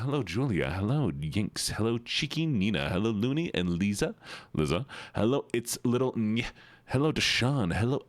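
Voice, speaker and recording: Live on stream, a man with a mid-range voice greets his chat one by one, singing out playful hellos in a relaxed way. There's no echo on the audio.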